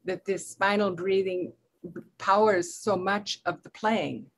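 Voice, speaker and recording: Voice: mid-range voice, fairly even intonation, measured pace, fairly bright tone. A course participant making a hesitant comment over a video call, with several false starts. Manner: hesitant, restarting. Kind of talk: question in an online class.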